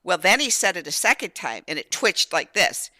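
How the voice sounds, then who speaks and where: An older woman hosting an interview show, telling her own story in an animated, candid way. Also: lowish voice, normal speed, dry recording. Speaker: show host. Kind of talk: casual interview conversation.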